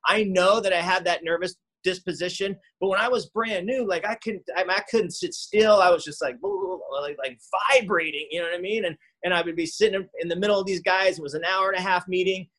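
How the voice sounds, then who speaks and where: A middle-aged man speaking from his living room over a home call mic, telling his story in an earnest, heartfelt way. His voice sits a little high for a man. He stumbles, restarts and fills gaps with ums and you-knows. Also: steady tone, fairly bright tone, rough recording. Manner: halting, full of fillers and restarts. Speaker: speaker at a recovery meeting. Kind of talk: personal recovery story.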